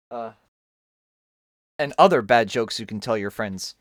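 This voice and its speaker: A young man talks into a desk mic at home, rambling and joking as he draws on a stream. His voice sits at a middle pitch and sounds dry and close, with no room around it. He keeps poking fun at himself as he goes. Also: moderate pace, dry recording. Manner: rambling, joking, self-mocking. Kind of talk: casual chat while drawing.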